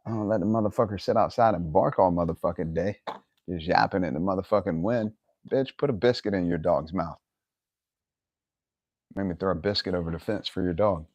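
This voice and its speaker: A man's voice: low voice, a little fast, darkish tone, no echo. A man hosting a casual livestream from his yard, rambling and swearing, laughing often. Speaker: livestream host. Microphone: phone camera.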